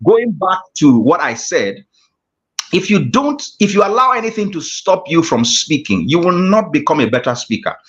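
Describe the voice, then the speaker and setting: A man's voice: on the high side, sing-song, normal speed. A man, a guest speaker teaching an online class, talking emphatically and repeating his key phrases. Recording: dull lo-fi call audio.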